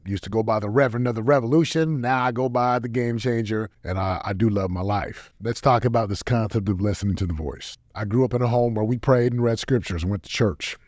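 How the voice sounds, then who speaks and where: A man in his thirties hosting a motivational podcast, telling personal stories with animated energy and acting out the dialogue. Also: lowish voice, fairly quick, few pauses, no room sound, studio quality. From United States. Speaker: podcast host. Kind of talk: motivational storytelling monologue.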